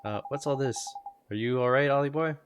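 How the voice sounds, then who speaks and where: A man's voice: medium pitch, brisk, noisy background, lightly acted. A man doing a cheeky fairy sidekick. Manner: cheeky, bossy, slangy banter. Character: small lantern-nosed fairy sidekick, cheeky and chatty. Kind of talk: video game voice acting. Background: game music.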